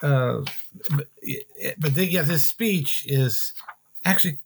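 A man, an author answering interview questions thoughtfully, in a halting way with many pauses and restarts. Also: fairly high pitch, a little hiss or hum.

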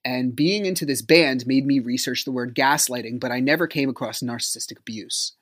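A man hosting a podcast, telling a personal story in a rambling way, full of "like", sometimes dropping to a low murmur. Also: fairly quick, fairly bright tone. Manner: rambling, frequent filler "like". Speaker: podcast host.

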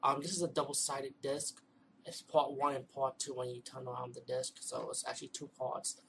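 Flat-voiced man rambling through a review. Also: mid-range voice, moderate pace, gravelly, slight background noise, rough recording. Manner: rambling with many fillers and restarts. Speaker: video reviewer. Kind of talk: casual home video review.

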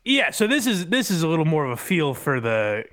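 A man's voice: a little high, big pitch swings, brisk, fairly bright tone. A man co-hosting a casual comedy podcast in a wry, joking way, laughing along. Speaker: podcast co-host.

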